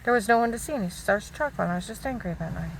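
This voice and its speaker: A woman's voice: mid-range voice, expressive, fast talker, a little hiss or hum. A middle-aged woman vlogging, telling a personal story in a casual monologue and indignantly retelling back-and-forth dialogue.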